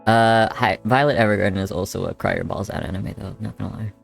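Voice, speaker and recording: A man's voice: on the low side, quick pace, gravelly, faint music behind. Profane young male streamer, rambling. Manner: rambling, swears freely, talks back to chat. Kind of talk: casual chat while drawing on a live stream.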